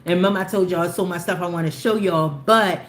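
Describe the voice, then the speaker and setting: With a lowish voice and a slightly fast pace, a female YouTube host rambles through a lengthy story for her live viewers, frequently backing up to restart. The audio is roomy, carrying a faint background hiss.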